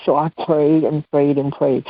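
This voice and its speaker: Woman, radio show guest, animated storytelling, acts out dialogue, dull dry audio. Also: low-pitched, a little slow, no room sound.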